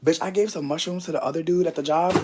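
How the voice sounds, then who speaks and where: A woman's voice: deep voice, fairly even intonation, fast, noisy background. Brash, rambling woman from the US. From United States. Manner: profane, rambling, playfully brash, jumps between mutters and loud bursts. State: a little out of breath. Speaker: vlogger. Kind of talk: casual chat to camera.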